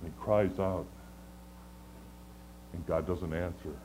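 A man preaching a sermon in a conversational, earnest way, often stammering and restarting, moving between loud pleading and hushed lows. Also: steady tone, slow, background noise. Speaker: pastor.

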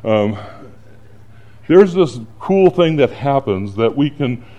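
A man's voice: mid-range voice, takes it slowly. A middle-aged man, a pastor, preaching a sermon and telling stories from his week. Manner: storytelling, animated when acting out panic.

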